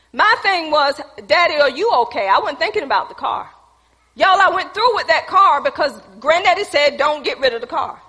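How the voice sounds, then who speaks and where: A woman's voice: high-pitched, pushed and bright. A woman preacher telling a personal testimony in a sermon, addressing the congregation as y'all. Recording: long hall reverb.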